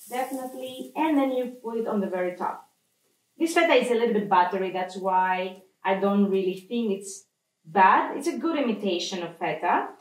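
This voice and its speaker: A woman hosting a casual cooking demonstration in a home kitchen, chatty and explaining each step in English. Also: fairly high pitch. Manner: chatty, explains step by step with non-native phrasing. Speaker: cooking show host. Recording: echoey kitchen, mic at a distance.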